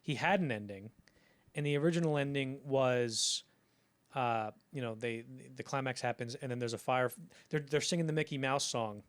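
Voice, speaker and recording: A man co-hosting a film history podcast, telling behind-the-scenes anecdotes in a casual, animated way and acting out the quotes. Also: mid-range voice, moderate pace. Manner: animated storytelling, acts out quoted lines. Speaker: podcast co-host.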